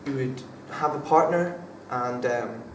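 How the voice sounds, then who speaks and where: With a medium-pitched voice and a measured pace, a young man studying drama responds to an interviewer casually, often hesitating, restarting, and using fillers. The recording is distant and echoey, with faint noise underneath.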